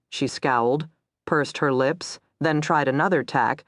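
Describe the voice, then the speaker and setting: A woman narrating a crime thriller audiobook in a measured, even storytelling manner. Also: low-pitched, dry recording.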